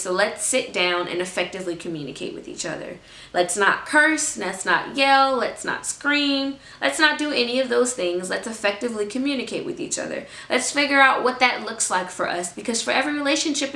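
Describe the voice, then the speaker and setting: Young woman, bright voice, motivational talk, repeats lines for emphasis, echoey room. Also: fairly high pitch. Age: 20s. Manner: emphatic, repeats phrases for effect. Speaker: faith vlogger.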